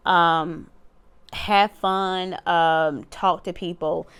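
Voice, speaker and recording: Smooth-voiced, blunt woman tarot reader. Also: on the low side, drawn-out words. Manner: animated, blunt, swears freely, laughs and goes off on tangents. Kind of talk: casual tarot reading to camera.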